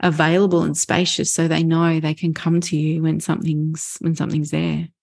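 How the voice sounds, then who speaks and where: Woman, 40s, podcast guest, low-ish voice, lively anecdotal delivery, acts out dialogue. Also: normal speed, vocal fry, slightly rough. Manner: animated storyteller, acts out quoted dialogue, laughs often. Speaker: podcast guest, parenting educator. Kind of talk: casual conversation.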